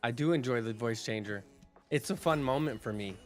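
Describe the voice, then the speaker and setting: A man's voice: mid-range voice, a little fast, soft background music. A man streaming a game, chatting casually and rambling to his viewers. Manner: relaxed, rambling, with restarts and fillers.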